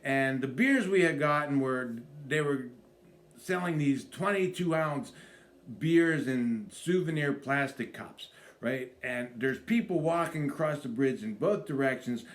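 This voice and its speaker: A man, a comedian, telling an animated comic story to camera and acting out voices. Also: medium pitch, a little slow. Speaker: stand-up comedian.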